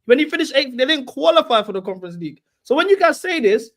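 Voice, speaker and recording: A young man with a very high voice argues his side of a football debate on a call. He talks fast, pushes his point hard, and keeps repeating himself until he gets heard. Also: sing-song, a bit bright. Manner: insistent, argumentative, repeats himself. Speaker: football panel guest, Chelsea fan. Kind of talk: heated casual football debate.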